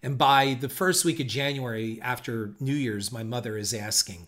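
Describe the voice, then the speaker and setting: A middle-aged man tells a story from his own life on his podcast, candid and reflective. He curses now and then. His voice is bright and forward, with a pitch that sits in the middle. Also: normal speed. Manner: candid, reflective, occasional swearing. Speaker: podcast host. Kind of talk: personal storytelling monologue.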